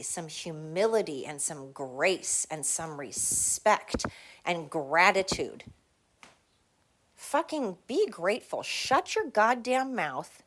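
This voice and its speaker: A woman hosting her own podcast, delivering a heated, blunt, profane solo rant with emphatic repetition. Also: fairly low pitch. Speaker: podcast host.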